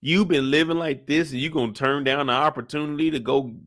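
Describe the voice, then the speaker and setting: A man voicing an exasperated grown man who is scolding his brother in loud, incredulous slang. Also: on the high side, fairly even intonation, brisk, voice pushed up, lightly acted. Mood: outraged.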